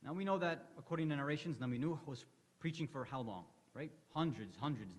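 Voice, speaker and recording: A man with a fairly high voice gives a religious lecture in a hall with a long reverb. He tells stories in a relaxed, conversational way and acts out the dialogue. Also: a little fast, husky. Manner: conversational storytelling, acting out quoted dialogue. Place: hall of an Islamic center.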